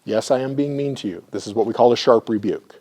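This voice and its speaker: Middle-aged male presenter, average pitch, anecdotal teaching style that keeps checking in with the audience. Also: fast talker, warm tone. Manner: storytelling, often checks in with the audience. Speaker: clinical supervisor and presenter. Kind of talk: conversational lecture with anecdotes.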